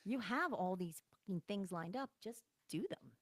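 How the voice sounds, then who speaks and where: A woman's voice: medium pitch, lively intonation, moderate pace, no echo. A woman co-hosting a casual live stream, blunt and bossy, teasing and swearing freely. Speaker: co-host.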